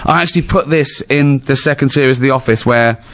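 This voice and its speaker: A man's voice: mid-range voice, fast talker, a bit bright. A middle-aged English man with an English accent, a guest telling funny stories in an interview, laughing often, swearing freely and acting out other people's lines. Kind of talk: anecdotal storytelling in a live town hall interview.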